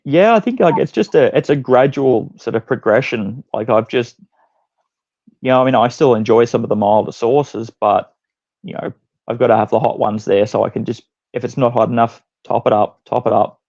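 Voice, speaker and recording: A man with an Australian accent, a chilli competitor giving relaxed, short answers in a casual interview. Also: medium pitch, moderate pace, vocal fry, lo-fi sound. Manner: laid-back, brief answers. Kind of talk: casual chat.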